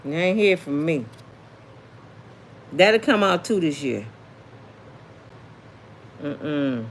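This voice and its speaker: A woman's voice: deep voice, animated, extremely slow, slight background noise. Sassy chatty woman hosting a livestream. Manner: chatty, sassy, reads viewer comments aloud. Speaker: celebrity gossip livestream host. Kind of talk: casual livestream chat.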